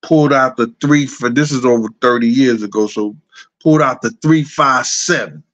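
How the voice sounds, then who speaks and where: Man, middle-aged, host, casual storyteller, chuckles, repeats himself, mid pitch, slightly muffled audio. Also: moderate pace, a bit bright. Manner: loose, repetitive, chuckling anecdotes.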